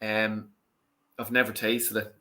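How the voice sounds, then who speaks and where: Excitable Irish man with a bright voice. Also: lowish voice, takes it slowly. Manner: excitable, swears loudly at the match. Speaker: watch-along host. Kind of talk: casual football watch-along chat.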